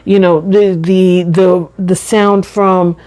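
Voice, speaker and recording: A middle-aged woman talking slowly and deliberately in a personal vlog, carefully enunciating her words and chatting casually. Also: lowish voice, little pitch movement, darkish tone. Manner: chatty, says y'all and you know. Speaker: vlogger.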